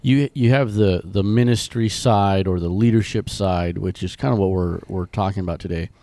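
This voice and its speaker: A man co-hosting a ministry podcast in casual chat, talking in loose, restarting sentences while his voice is rough from being sick. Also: sits low, moderate pace, dark tone. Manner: rambling, many restarts and fillers. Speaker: podcast co-host.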